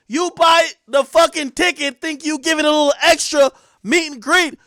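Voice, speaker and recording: A young man ranting in a casual, profane way, laughing and breaking into loud bursts as he comments. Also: very high-pitched, steady tone, moderate pace, hardly any pauses, no echo, studio quality. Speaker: streamer and commentator. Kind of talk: casual rant.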